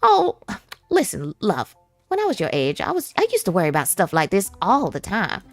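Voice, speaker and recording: A woman's voice: medium pitch, wildly swooping pitch, moderate pace, no echo, soft background music. A woman voicing a chatty, laid-back retired old Southern woman with a put-on Southern drawl and a doting, folksy manner. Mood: folksy advice.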